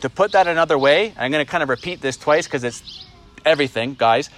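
Middle-aged male pastor, emphatic expository preaching, slightly raised pitch, faint noise behind. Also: expressive, brisk, a bit bright. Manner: emphatic, rhetorical questions, dramatizes God's voice. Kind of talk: expository sermon.

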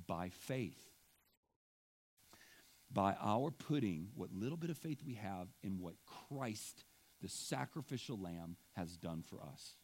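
A man preaching a sermon as pastor, impassioned and emotional, swinging between loud emphasis and hushed asides and often clearing his throat. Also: medium pitch.

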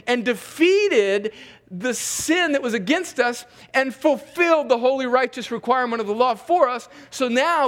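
High-voiced man preaching a sermon. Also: fairly bright tone, in a large hall. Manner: emphatic, repeats words while rephrasing; reads scripture aloud and comments between verses. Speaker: pastor. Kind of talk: expository sermon.

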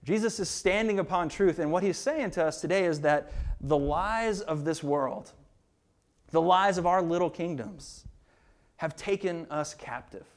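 Male pastor preaching a sermon, earnest and emphatic with repeated words, voice sitting a touch high.

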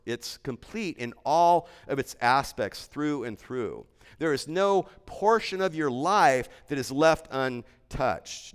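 A man's voice: medium pitch, a bit bright, clean tone, big-room sound. A man preaching a sermon as a pastor, earnest and emphatic, driving his points home with repeated phrases.

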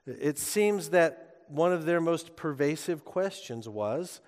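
Pastor preaching in a reverberant hall. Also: male voice, fairly high pitch, animated, slow, hardly any pauses, darkish tone. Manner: conversational storytelling with frequent "uh" fillers. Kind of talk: sermon. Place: church sanctuary.

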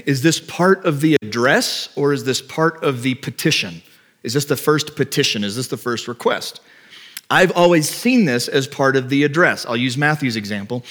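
Pastor preaching a casual, questioning sermon. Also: male voice, medium pitch, animated, normal speed, a bit bright. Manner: explanatory, asks the listeners rhetorical questions. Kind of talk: conversational sermon. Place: church before a congregation.

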